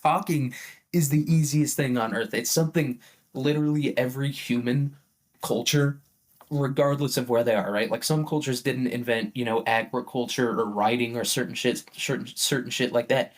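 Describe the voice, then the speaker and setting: Casual male vlogger, mid-pitched, rambling and profane, laughs between points. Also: normal speed. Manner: profane, chuckling, rambling asides.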